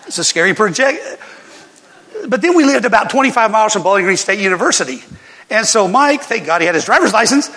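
An older male pastor preaching with a high, bright voice. His sermon mixes lively family stories with scripture, and the long reverb of a church hall surrounds him. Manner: animated storytelling with laughs and scripture reading.

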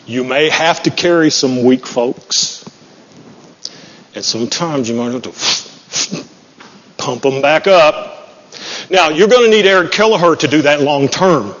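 Folksy joking preacher in a hall. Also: male voice, a little high, measured pace, pauses often, a bit bright. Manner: folksy, joking, self-deprecating. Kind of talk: sermon. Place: church sanctuary. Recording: muffled, with long hall reverb.

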